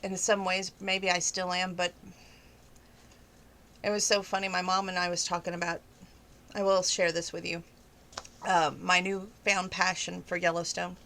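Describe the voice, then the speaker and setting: A woman's voice: lowish voice, little pitch movement, normal speed, pauses often, pushed and bright, slight background noise. A woman vlogger talking casually to her viewers. She rambles eagerly, restarts her sentences often and keeps jumping back into the story. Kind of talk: casual chat.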